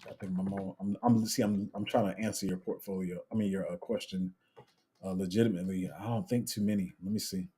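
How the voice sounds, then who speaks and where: Young guy doing a live q&a, slangy and chatty, kinda dark mellow tone. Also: low-pitched, steady tone, brisk, slight background noise. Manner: chatty, slangy, trails off and restarts while multitasking. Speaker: crypto livestream host. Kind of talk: casual live Q&A, reading chat.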